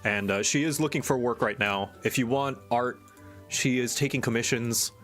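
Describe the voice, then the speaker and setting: A man's voice: medium pitch, normal speed, fairly bright tone, soft background music. A man streaming live, in casual chat and ranting with exasperation. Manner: exasperated, venting rant. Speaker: streamer and animator.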